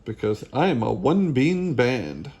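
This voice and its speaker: A loud, cheerful little bean musician played by a man reading a storybook who shouts high and bouncy. Bean mishears every word with eager glee, and a gravelly rasp sits under the squeals. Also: very animated, unhurried, exaggerated voice. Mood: earnest.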